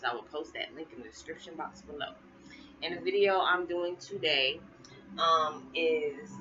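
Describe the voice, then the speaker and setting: A tired middle-aged woman chatting casually to her viewers, colloquial and quick to laugh. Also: sits low. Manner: chatty, laughs often, colloquial Southern-leaning speech. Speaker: spiritual vlogger. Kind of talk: casual chat to camera. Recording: muffled with noticeable background hiss.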